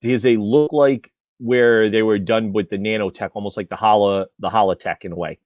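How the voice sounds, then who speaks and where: A man co-hosting a toy news livestream, excitedly praising figures and often breaking off mid-word. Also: fairly low pitch, no echo. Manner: excited, halting, trails off and restarts words. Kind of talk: casual chat.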